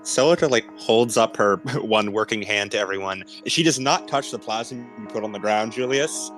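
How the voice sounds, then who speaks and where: A man narrating as game master in a tabletop game, with a quiet, apologetic delivery. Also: fairly low pitch, normal speed, faint music behind.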